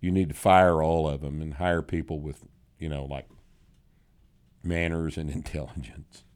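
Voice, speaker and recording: A man's voice: a bass voice, steady tone, measured pace, darkish tone, clean tone. A man hosting a podcast, answering listener questions in blunt, profane, joking chat. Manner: blunt, profane, drawling, laughs often. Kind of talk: casual chat.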